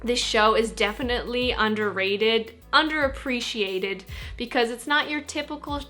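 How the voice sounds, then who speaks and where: Casual female guest reviewer, bright tone. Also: on the high side, normal speed, faint music behind. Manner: chatty, with fillers and repeated qualifiers.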